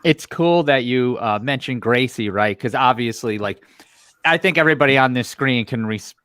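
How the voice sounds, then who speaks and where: A man hosting a casual chat show, talking in a relaxed, conversational way. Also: medium pitch, moderate pace, dry recording. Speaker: podcast host.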